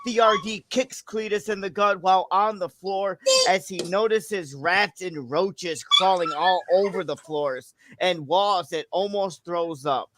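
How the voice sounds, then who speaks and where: A mid-pitched host reading an over-the-top wrestling story at an easy pace, with a faint hiss behind the voice. Steady storytelling that now and then jumps in to correct someone. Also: unhurried, hardly any pauses. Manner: coaching and correcting the reader. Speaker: show host. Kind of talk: livestream read-along and chat.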